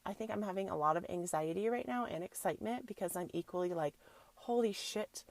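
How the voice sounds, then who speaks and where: A woman with a gravelly, fry-tinged voice talks through a personal story on her podcast. She is casual and animated and drops in spiritual affirmations. The sound is close and dry, with no room around it. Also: mid-range voice, dry recording. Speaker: podcast host.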